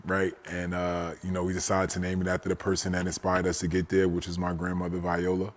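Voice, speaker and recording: A man in his forties, a guest telling a personal story in a casual, animated way. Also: sits low, fast. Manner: animated storyteller, often says "you know what I'm saying".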